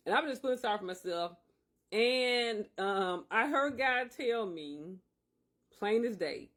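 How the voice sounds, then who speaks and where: A man's voice: high voice, moderate pace, a bit bright. Earnest man giving a faith testimony. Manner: earnest, emphatic, circling back with repeated phrases. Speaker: podcast host. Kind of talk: personal faith testimony monologue.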